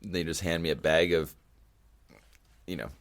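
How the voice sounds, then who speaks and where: A man's voice: deep voice, fairly even intonation, normal speed, fairly bright tone. A man from Canada, a podcast guest telling a story casually, rambling and swearing freely with many restarts.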